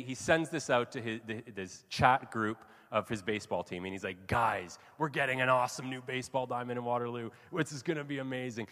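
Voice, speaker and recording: A man preaching a sermon, reading a story aloud and telling it with lively, casual asides. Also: on the low side. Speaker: pastor. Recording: long reverb of a large hall.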